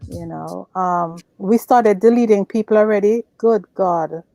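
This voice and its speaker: A woman co-hosting a casual online show, greeting viewers by name with drawn-out exclamations. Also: mid-range voice, creaky, warm tone, no room sound. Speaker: co-host. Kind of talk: casual chat.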